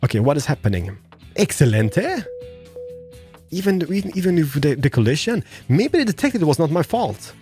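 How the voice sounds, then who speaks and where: A man's voice: on the high side, big pitch swings, a little fast, dark tone, soft background music. A man giving casual, joking, exclamatory commentary while playing a truck driving game. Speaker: let's-play gamer.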